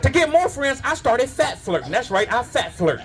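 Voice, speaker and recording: Animated, high-voiced male stand-up comic. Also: normal speed. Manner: loose, profane storytelling with many asides. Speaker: stand-up comedian. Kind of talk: stand-up comedy set. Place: live comedy show at a winery.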